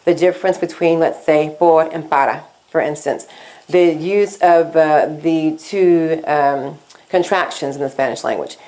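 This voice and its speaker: A woman gives a scripted Spanish lesson in a lowish voice. She speaks slowly and deliberately, like a patient one-on-one teacher, going back and forth between English and Spanish. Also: warm tone, poor audio.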